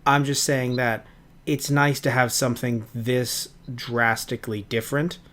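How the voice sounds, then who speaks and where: A man of middle pitch co-hosting a review podcast. He talks in a casual, rambling way, full of restarts and asides. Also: little pitch movement, measured pace, a bit bright. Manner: rambling, with many restarts and "you know". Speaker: podcast co-host.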